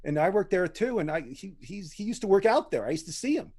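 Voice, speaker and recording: A man with a notably high voice hosts a relaxed interview show. He asks his questions casually, often stammering and restarting mid-sentence. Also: quick pace, breathy edge. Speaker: host. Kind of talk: casual chat.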